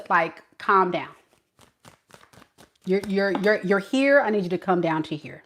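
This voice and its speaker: A woman's voice: mid-range voice, animated, unhurried, pauses often, a bit bright. A woman giving a casual tarot reading, chatting animatedly and talking straight to her viewers. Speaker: tarot reader.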